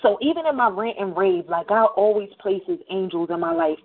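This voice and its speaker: A woman hosting her radio show, telling a story in a loose, slangy, animated way. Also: medium pitch, normal speed, narrow, tinny audio. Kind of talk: casual monologue. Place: New Jersey.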